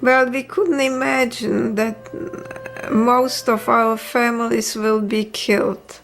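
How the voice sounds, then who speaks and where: An older woman with a higher, gravelly voice, speaking very slowly while she searches for words. A guitar plays clearly behind her. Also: steady tone, fairly bright tone. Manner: slow, searching speech. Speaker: Holocaust survivor interviewee.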